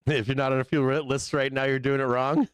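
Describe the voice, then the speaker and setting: A man talking off the cuff on his live show, swearing freely and laughing between thoughts. His voice sits in an ordinary middle pitch. The sound is dry and close, with no room around it. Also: level tone, a little fast, clear, resonant tone, no room sound. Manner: profane, rambling, laughs often. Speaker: livestream host. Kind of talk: casual rant on a live show.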